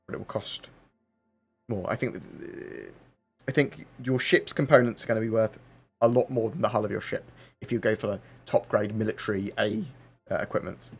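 On a casual livestream, a male host with a fairly low, slightly rough voice reads viewer questions and rambles through his replies, using plenty of fillers.

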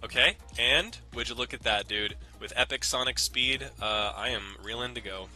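A man's voice: medium pitch, moderate pace, bright, forceful tone. A young man casually commenting on his gameplay in a rambling, jokey way, swearing often. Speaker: let's play host. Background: faint game music.

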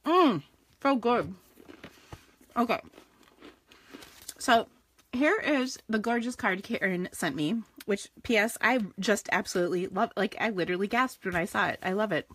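Chatty craft-stream host, a woman with a slightly husky voice, relaxed and rambling. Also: medium pitch, normal speed. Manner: chatty, rambling, laughs often. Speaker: stamping and card-making host. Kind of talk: casual live-stream crafting chat.

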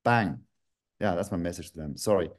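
A man speaks over a video call link. He rants angrily, swears freely and bursts out in sharp, emphatic jabs. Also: low-pitched, fairly quick. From Switzerland. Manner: angry, ranting, swearing, with sudden outbursts. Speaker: guest. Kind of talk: online video call interview.

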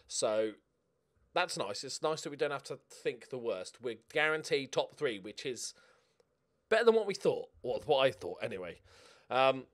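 A man giving casual, excitable commentary while he plays a football management game at home, swearing and cheering at the match. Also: a little high. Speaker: gaming YouTuber. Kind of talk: casual let's-play commentary.

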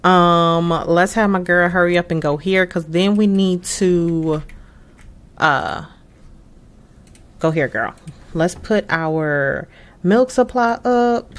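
A young woman giving casual gameplay commentary, expressive and exclaiming often as she talks to her viewers. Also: fairly low pitch, slow pace, pauses often. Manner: frequent laughs. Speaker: gaming channel host.

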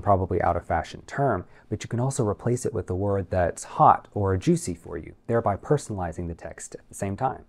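A young adult man, an acting coach, giving scripted instructional narration in a clear, measured, lightly playful tone. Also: fairly low pitch, darkish tone.

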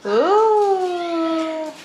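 A young mother with a lilt coos softly to her baby, drawing out every word very slowly. Her voice sits high. It is recorded in an echoey room at home, with clear household noise underneath. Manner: cooing baby talk, slow and soothing. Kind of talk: home vlog, talking to a baby. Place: home kitchen with a TV on.

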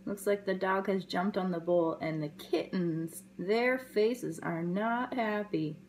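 A woman educator reads a picture book aloud to young children at an unhurried pace. She tells the story gently and expressively and puts in playful sound effects. A faint hum sits behind her voice. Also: mid-range voice.

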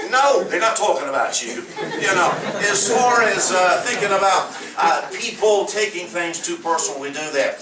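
Older Southern pastor, folksy rambling sermon, slightly high voice, far-off mic. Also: male voice, normal speed, hardly any pauses, a crowd in the background. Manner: folksy storytelling, rambling with many fillers. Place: church. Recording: echoey room from a distance.

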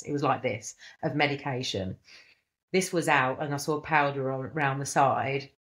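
A middle-aged woman telling a personal story in a rambling, emotional way, with many fillers and restarts. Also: sits low. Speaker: guest.

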